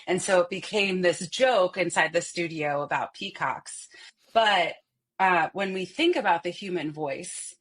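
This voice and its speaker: A woman voice coach and company head explaining her work in an interview, animated and clear. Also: fairly low pitch, unhurried. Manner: animated, explains with vocal demonstrations.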